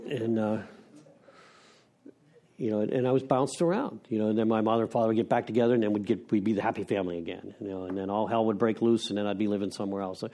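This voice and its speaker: Middle-aged man, mellow tone, frank rambling recovery-meeting share with wry laughs. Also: on the low side, fast talker. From Pennsylvania. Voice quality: rambling, with restarts and self-deprecating laughs. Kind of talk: candid personal share.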